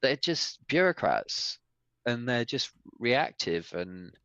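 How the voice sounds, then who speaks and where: A man hosting a casual podcast chat, talking in animated, opinionated rants. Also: medium pitch, takes it slowly, clear, resonant tone, dry recording. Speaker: podcast host. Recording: dull, dry podcast mic.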